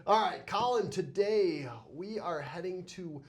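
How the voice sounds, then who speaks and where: A man's voice: high-pitched, lively intonation, a little slow. A man co-hosting a legal podcast as a criminal defense lawyer, chatting casually and laughing often while telling stories.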